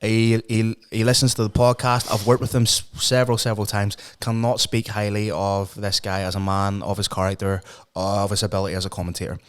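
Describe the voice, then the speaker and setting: Man, podcast co-host, low voice, smooth and resonant, emphatic, swears freely. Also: level tone, fairly quick, hardly any pauses. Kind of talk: casual opinionated chat.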